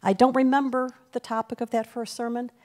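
A woman giving a heartfelt farewell speech to a departing minister in a church, in a halting, reflective way. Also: on the high side, flat delivery, a little mellow. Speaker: congregation member giving a tribute. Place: church sanctuary.

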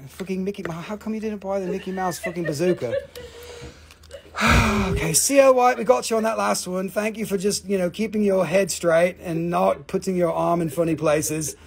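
A man with a high-pitched voice and vocal fry hosts a live stream selling rocks, keeping up a profane, rambling sales chat and laughing often.

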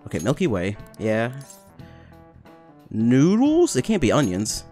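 Young male let's player, mid-pitched, jokey, profane, faint music. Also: wildly swooping pitch, measured pace, dark tone. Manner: joking and profane, laughs often. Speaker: let's play gamer. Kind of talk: casual gameplay commentary.

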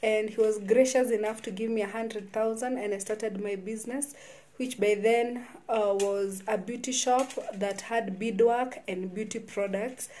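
A woman telling her own life story in a vlog, halting and often restarting her sentences. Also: mid-range voice, fairly even intonation, mellow, slight background noise. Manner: halting, with frequent restarts and repeated words. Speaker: vlogger.

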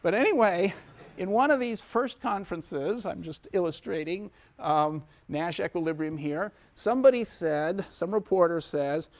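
A man's voice: high-pitched, animated, moderate pace. A man lecturing a university class in a conversational way, with many asides and restarts. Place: lecture hall.

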